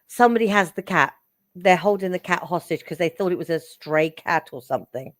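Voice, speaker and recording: A woman giving psychic readings on a live stream, chatty and affectionate, getting excitable and calling viewers darling. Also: fairly low pitch, fairly quick, no echo, studio quality. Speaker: psychic reader.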